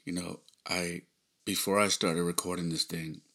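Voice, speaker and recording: A man with a low, gravelly, husky voice tells a personal story on his podcast. He speaks earnestly and sounds close to tears, often sinking into hushed, almost whispered phrases. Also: little pitch movement, moderate pace. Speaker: podcast host.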